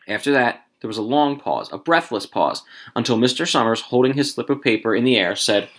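A man reading a story aloud to a few listeners, expressive, with casual asides. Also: mid-range voice, a little fast, hardly any pauses.

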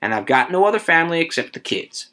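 A man reading aloud and voicing a weary family man who speaks quietly and regretfully. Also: on the high side, sing-song, quick pace, pitched above the performer's own voice. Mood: resigned.

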